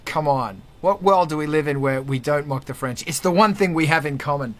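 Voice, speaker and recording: Lively joking male host. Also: a little high, fairly quick, few pauses. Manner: energetic and jokey. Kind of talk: casual panel chat.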